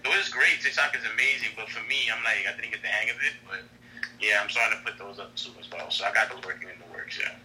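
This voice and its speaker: A man's voice: on the low side, steady tone, quick pace, bright, forceful tone, slight background noise, low-quality recording. A man who works as an actor, answering interview questions on a podcast in an easygoing, rambling way. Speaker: actor guest.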